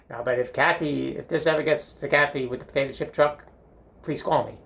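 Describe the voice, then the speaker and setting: His voice sits on the high side, steady and fairly bright, with vocal fry and a slightly fast pace. An older man in a bathroom rambles through comic school-day stories, heavy on fillers and chuckling at himself.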